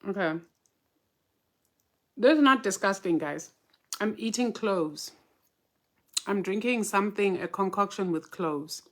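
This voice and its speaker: A woman's voice: mid-range voice, measured pace, long pauses. A woman casually hosting a livestream, greeting viewers one by one by name and mixing in Zulu and Xhosa. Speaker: spiritual teacher hosting a livestream.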